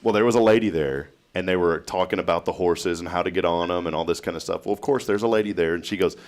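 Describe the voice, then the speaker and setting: A man's voice: low-pitched, quick pace. A man hosting a casual morning talk show, telling stories and laughing often. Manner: chatty storyteller, laughs often. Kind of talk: casual chat.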